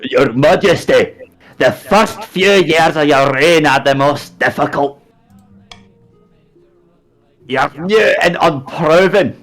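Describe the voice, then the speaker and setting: A man voicing a royal advisor who explains things in a steady reading voice. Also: a little high, takes it slowly, long pauses, faint music behind. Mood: earnest. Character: royal advisor warning the queen.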